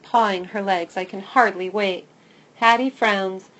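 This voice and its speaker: A woman narrating a first-person children's story in a lively, expressive way. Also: medium pitch, unhurried, dull audio. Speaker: audiobook narrator.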